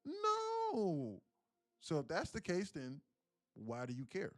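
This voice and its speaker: A young man from South Carolina talks casually on a live trading stream, sarcastic and wandering, tripping over restarts. His voice sits in a middle pitch, recorded dry and close with no room echo. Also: lively intonation, moderate pace, darkish tone. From South Carolina, USA. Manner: sarcastic, rambling, many restarts. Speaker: day trader and live streamer.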